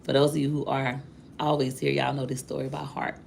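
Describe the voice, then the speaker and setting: A woman's voice: extremely low pitch, level tone, fairly quick, vocal fry, darkish tone, slight background noise. A woman vlogger telling viewers a personal story in a candid, chatty way, addressing them directly.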